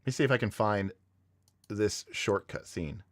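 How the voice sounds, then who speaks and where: A man's voice: lowish voice, expressive, moderate pace, a little hiss or hum. A man hosting a livestream, chatting casually and telling a story with lots of fillers and restarts. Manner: rambling, enthusiastic storytelling with many fillers. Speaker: livestream host.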